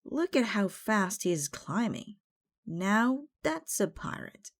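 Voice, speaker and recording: A woman voicing an excitable young pirate sidekick who exclaims in eager, wide-eyed awe. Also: medium pitch, takes it slowly, voice pushed up. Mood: awed.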